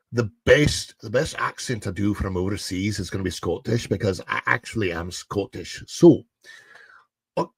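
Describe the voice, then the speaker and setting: A man's voice: mid-range voice, slightly rough, no room sound. A man hosting a casual livestream, chatting with his viewers and rambling between news stories. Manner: chatty, rambling, reads news aloud to chat. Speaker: livestream host.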